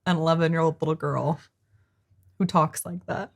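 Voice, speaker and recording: A woman's voice: deep voice, fairly even intonation, normal speed, vocal fry. An American woman hosting a reaction video, chatting in a rambling, self-deprecating way. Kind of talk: casual chat.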